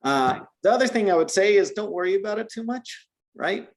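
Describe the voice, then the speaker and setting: A man's voice: high-pitched, lively intonation, brisk, slight background noise. A man from the United States teaching a beginner Spanish lesson, explaining patiently with frequent restarts. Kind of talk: one-on-one language lesson.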